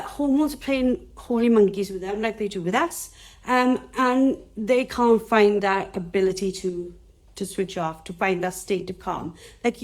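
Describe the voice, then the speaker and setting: A woman's voice: medium pitch, darkish tone. A chatty Welsh woman hosts a casual live session about dogs. She rambles and talks straight to her viewers, with a mid-range voice. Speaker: dog trainer hosting a live session. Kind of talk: casual live-stream teaching talk.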